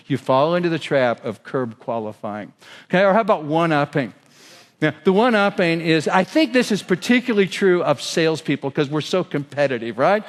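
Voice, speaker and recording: A man's voice: high voice, expressive, a little fast. A man giving a keynote speech on sales, telling stories and questioning the audience. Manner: storytelling with quoted voices and audience questions. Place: large hotel ballroom. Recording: long hall reverb.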